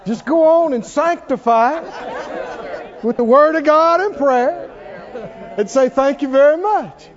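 A man preaching a sermon, folksy and animated, often laughing and acting out people in low mock voices. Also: a little slow, long pauses, lo-fi sound, a faint crowd.

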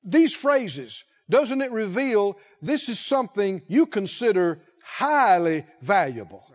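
A man preaching a sermon, speaking slowly and emphatically, drawing out key words and putting questions to the congregation. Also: high-pitched, very animated, lo-fi sound.

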